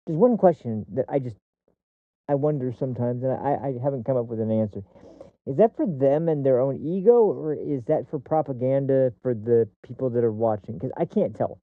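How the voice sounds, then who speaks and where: A man's voice: mid-range voice, animated, moderate pace, dry recording. Heated, profane man on tinny audio. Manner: repeats and restarts words mid-sentence. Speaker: streamer host. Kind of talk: political commentary livestream. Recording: dry, tinny phone-like audio.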